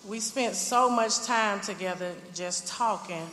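A woman's voice: mid-range voice, unhurried, noisy background. Woman recalling her son in an echoey hall. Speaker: mother recounting memories. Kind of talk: personal testimony.

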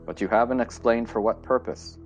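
A man's voice: mid-range voice, fairly quick, voice pushed up, lightly acted, low-quality recording. A man voicing a cold, metallic robot police car that barks curt commands and questions, in a story reading with faint music behind. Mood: interrogating.

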